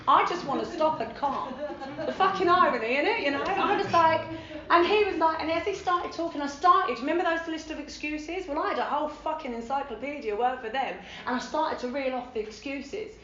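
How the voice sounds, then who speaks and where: A woman with a London accent tells her recovery story at a meeting in a frank, animated way, swearing freely and acting out the voices of the people in it. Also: sits high, fairly quick, echoey room, muffled recording. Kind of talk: personal recovery testimony at a meeting. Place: meeting hall.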